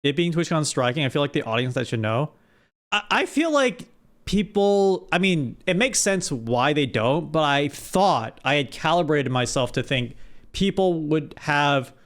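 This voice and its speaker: Rambling streamer, a man with a highish voice. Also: a bit bright. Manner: rambling, with frequent restarts. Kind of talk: casual chat with a live audience.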